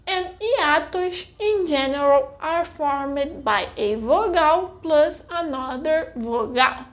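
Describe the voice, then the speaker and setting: A Brazilian woman, a native Portuguese speaker, teaching a scripted language lesson in a clear, deliberate way. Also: sits high, lively intonation, lo-fi sound.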